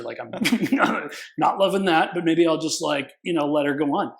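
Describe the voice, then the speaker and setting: A man's voice: fairly high pitch, normal speed, gravelly, rough recording. A man, a consumer protection attorney, telling stories casually in an interview, acting out quoted voices and swearing now and then. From California.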